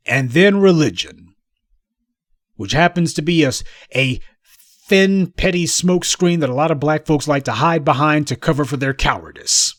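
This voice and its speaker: A man's voice: fairly high pitch, moderate pace, no echo, clean studio sound. Scornful man ranting. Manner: scornful, sarcastic, combative. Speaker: commentator. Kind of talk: ranting commentary.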